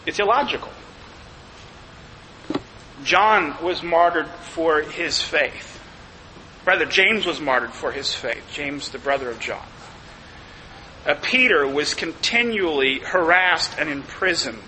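A man preaching a sermon as pastor, emphatic, slowing down to stress key phrases. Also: fairly high pitch, expressive, sharp tone, big-room sound, a little hiss or hum, rough recording.

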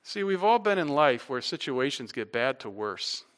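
A middle-aged man preaching a sermon as pastor, animated and conversational, rising loud for emphasis with casual asides. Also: mid-range voice, moderate pace, clear, resonant tone.

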